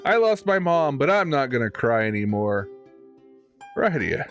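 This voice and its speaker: A man's voice: mid-range voice, big pitch swings, unhurried, a bit bright, soft background music, pitched above the performer's own voice. A man voicing a stubborn, grieving little girl in a game, reading her lines in a defiant, petulant way.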